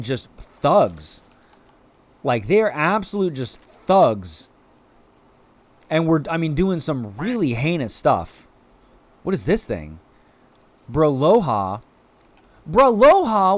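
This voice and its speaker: A man streaming a video game live, chatting excitedly to viewers and cheering on his creatures, with sudden high-pitched exclamations. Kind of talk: live gameplay commentary.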